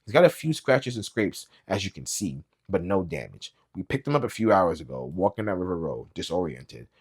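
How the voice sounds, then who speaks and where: A man's voice: low-pitched, very animated, normal speed, husky, exaggerated voice. A man reading aloud, voicing a tense, curt female police officer who speaks in a clipped, condescending way. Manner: clipped, condescending, over-enunciated.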